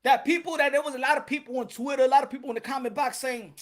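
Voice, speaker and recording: A man hosting a boxing show in casual livestream commentary, animated and profane, often breaking into laughter and greeting viewers. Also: very high voice, very fast, few pauses.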